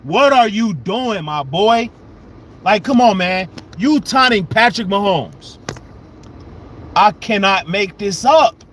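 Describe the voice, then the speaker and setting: A man venting on a live sports fan stream, exasperated and repeating himself, jumping from loud outbursts to low mutters. His voice sits high, and he drags out his words at an unhurried pace. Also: expressive, a little hiss or hum. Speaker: sports fan channel host.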